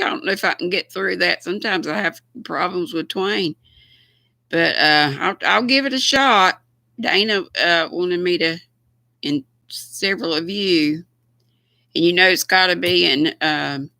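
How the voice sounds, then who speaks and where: A woman's voice: fairly low pitch, creaky, sharp tone, no echo. An older woman with a Southern US accent, chatting casually and folksily with viewers on her livestream, often laughing. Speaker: livestream host.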